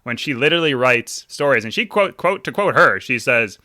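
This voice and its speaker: A man with a very bright, sharp-edged voice co-hosting a loose movie podcast. He talks through his opinions casually, laughing and needling his friend. The sound is close and dry. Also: medium pitch, expressive, fairly quick, no echo. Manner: laughing, playful ribbing. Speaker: podcast co-host. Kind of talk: casual movie review chat.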